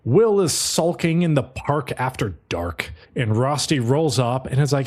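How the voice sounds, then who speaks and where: A male podcast host recaps an anime episode in loose, joking talk full of swearing. His pitch swings widely as he goes. He sits at a middling pitch for a man. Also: lively intonation, unhurried, a little mellow. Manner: joking and profane, acting out the characters' lines. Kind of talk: casual podcast chat.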